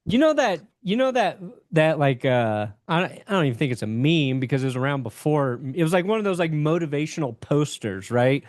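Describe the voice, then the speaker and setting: A young man talks in a loose, candid podcast chat, rambling through his thoughts and swearing casually. His voice sits a bit high for a man. The sound is dry and close, with no room around it. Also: lively intonation, brisk, hardly any pauses, no room sound. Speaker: podcast guest, sports YouTuber.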